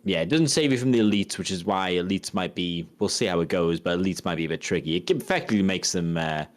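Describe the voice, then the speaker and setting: Deep-voiced man thinking aloud. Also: lively intonation, fast talker. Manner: thinks aloud, restarts sentences while working out rules. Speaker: podcast co-host. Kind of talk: casual chat about tabletop game tactics.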